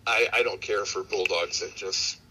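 A man who breeds dogs, talking as an interview guest in a relaxed, rambling way, with plenty of fillers and restarts. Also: sits low, moderate pace, slight background noise, rough recording. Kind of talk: casual storytelling in an interview.

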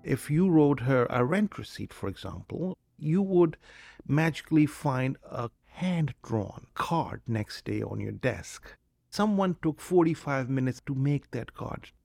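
A man who works at a hotel, speaking in a reflective, gentle way in a documentary interview. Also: mid-range voice, expressive, a little slow, gravelly, no echo, clean studio sound. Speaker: hotel worker.

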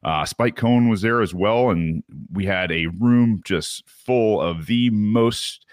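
Podcast host, male, from Michigan: deep voice, dry close sound, loose rambling recap. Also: slow pace, no echo. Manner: candid, rambling storytelling. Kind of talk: casual solo recap.

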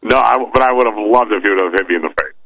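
A man co-hosting a podcast in casual comedy chat, relaxed and storytelling, often repeating words as he starts a thought. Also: lowish voice, racing, gravelly, no echo, rough recording. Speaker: podcast co-host.

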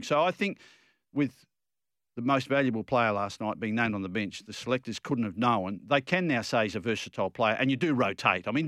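A man's voice: on the low side, a bit bright, no echo, clean studio sound. An Australian man co-hosting a football radio show, talking in an opinionated, rambling way with frequent restarts. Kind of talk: casual radio chat.

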